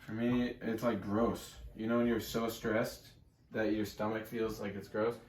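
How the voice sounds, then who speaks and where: A man's voice: lowish voice, flat delivery, measured pace, reverberant. A man, a self-help coach, teaching casually to camera in a room with a whiteboard, talking conversationally and emphatically and checking in with the listener often.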